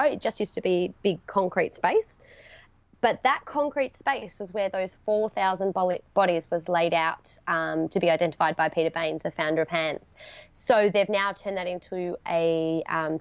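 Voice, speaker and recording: A woman's voice: fairly low pitch, moderate pace, no echo. Woman guest, heartfelt and teary in places, dull dry sound. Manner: heartfelt, tearful at moments, talks through laughs. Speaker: podcast guest. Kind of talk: emotional storytelling interview.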